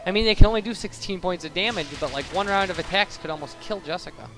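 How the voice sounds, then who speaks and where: A man's voice: high-pitched, fast. A young man giving casual, rambling commentary over his gameplay, wandering into side tangents and correcting himself mid-sentence. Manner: rambling, digressive, self-correcting. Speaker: let's play commentator. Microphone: boosted home microphone. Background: faint game music.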